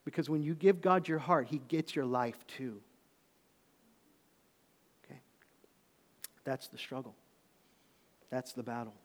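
Animated preacher man in a reverberant hall. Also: medium pitch, a little slow, pauses often. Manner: animated storytelling, swings from loud to hushed. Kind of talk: sermon. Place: church auditorium. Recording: long reverb of a large hall.

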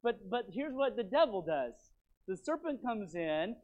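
A man preaching a sermon as pastor in his church, rambling and repeating himself with animated stops and starts. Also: high-pitched, a little slow. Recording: tinny phone-like sound.

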